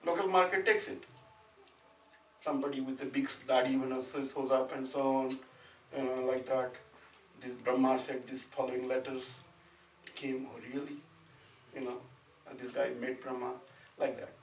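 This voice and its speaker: A man's voice: medium pitch, fairly even intonation, moderate pace, pauses often. A man from India teaching a Sanskrit class, talking loosely and conversationally and often checking with the students that they follow. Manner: conversational, often asks "you know what I'm saying?". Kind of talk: classroom lecture with discussion. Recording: echoey room, mic at a distance, faint noise.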